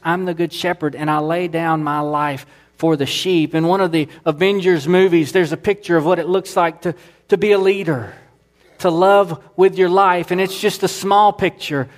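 A man preaching a sermon, earnest and building through emphatic repetition. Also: a little high. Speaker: pastor.

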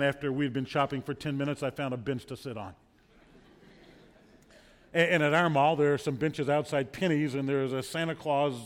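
A man preaching a sermon as pastor, telling stories earnestly and repeating words when he presses a point. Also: mid-range voice. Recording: long hall reverb.

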